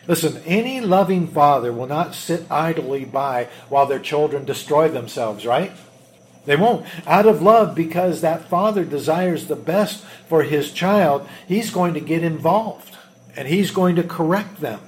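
A man's voice: a little high, expressive, unhurried. A man preaching a sermon, earnest, often asking rhetorical questions of the congregation. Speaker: pastor.

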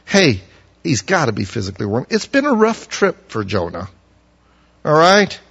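A man preaching a sermon, acting out the prophets he quotes in loud, pleading bursts. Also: a little high, huge pitch swings, normal speed, creaky, breathy edge. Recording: muffled audio with long hall reverb.

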